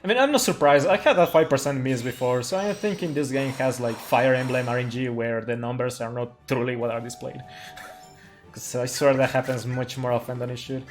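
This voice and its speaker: A man in the middle of his own pitch range talks through a speedrun as he plays. He rambles casually with plenty of fillers and small laughs. Faint game music sits low under his voice. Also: fairly quick. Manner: chatty, laughs often, many fillers. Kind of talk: casual live game commentary.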